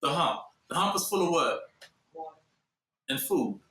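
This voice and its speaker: A man preaching a sermon, posing questions and pausing for listeners to fill in the answer. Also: sits high, very animated, bright, forceful tone. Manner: call-and-response questions, fill-in-the-blank pauses. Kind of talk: sermon teaching. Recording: echoey room from far off.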